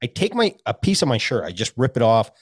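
Male podcast co-host, mid-pitched, dry close sound, loose profane storytelling. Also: wildly swooping pitch, quick pace, husky, no room sound. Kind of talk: casual podcast chat.

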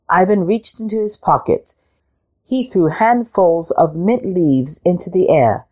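A woman reading a picture book aloud in a slow, expressive storytelling manner. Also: lowish voice.

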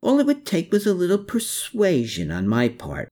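A man's voice: high voice, wildly swooping pitch, moderate pace, dark tone, pitched above the performer's own voice, full character voice. A man voicing a smug, smirking army captain who asserts his point in an audiobook.

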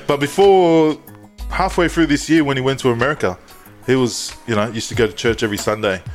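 A man's voice: mid-range voice, brisk, faint music behind. Laughing man hosting a podcast. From Australia. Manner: laughs often, crude matey joking. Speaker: podcast host. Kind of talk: casual banter.

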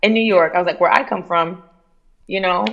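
A woman's voice: fairly low pitch, brisk, gravelly, lo-fi sound. A young woman with a Miami accent, a podcast guest telling stories animatedly and acting out other people's voices. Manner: animated storyteller who mimics voices. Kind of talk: casual podcast chat.

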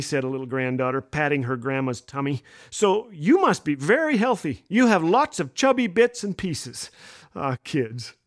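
A middle-aged man hosting a radio show, telling funny stories about children with animated delivery and raised voices for the kids' lines. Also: high-pitched. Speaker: radio host. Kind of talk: humorous storytelling.

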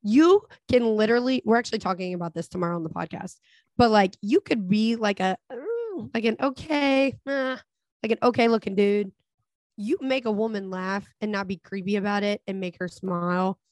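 A woman's voice: mid-range voice, normal speed, darkish tone, no echo, clean studio sound. A woman co-hosting a podcast in crude casual chat, blunt and profane, laughing easily. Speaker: podcast co-host.

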